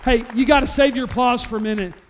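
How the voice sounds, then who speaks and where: A pastor with a very high-pitched male voice preaches a sermon in a church, telling a story with lively energy and building to loud, emphatic peaks. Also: fast, a faint crowd, a little hiss or hum. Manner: storytelling, animated, voice rising to near-shouts at climaxes. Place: church sanctuary.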